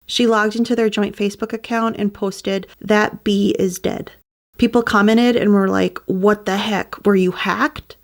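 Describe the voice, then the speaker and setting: A woman's voice: medium pitch, steady tone, measured pace. A woman narrating a true crime story in a casual, conversational way, with wry asides.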